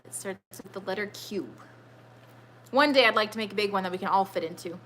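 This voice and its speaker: A woman's voice: mid-range voice, brisk, a bit bright, a little hiss or hum. A woman in her thirties hosting a casual trivia live stream from home, chatty and rambling as she answers viewer comments. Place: home with children nearby.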